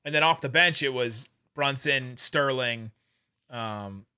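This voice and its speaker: A man co-hosting a podcast, talking sports bets in an excitable, joking way. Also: medium pitch, clean tone. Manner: excitable, quick to joke and laugh. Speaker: podcast co-host. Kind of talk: casual sports chat.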